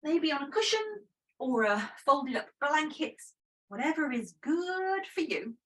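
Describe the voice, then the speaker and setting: A woman guiding a yoga breathing practice in a gentle, chatty, self-deprecating way. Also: high-pitched, very animated, a little slow, distant mic, low-quality recording. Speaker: yoga teacher. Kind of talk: guided breathing instruction.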